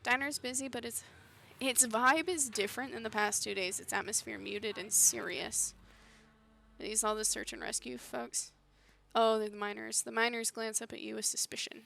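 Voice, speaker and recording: A woman with a fairly high, mostly even voice reads a story game's dialogue aloud on a live stream at a moderate pace. Her delivery is pushed and bright with some vocal fry, and she does character voices and chats between lines, commenting on her own reading. There is slight background noise.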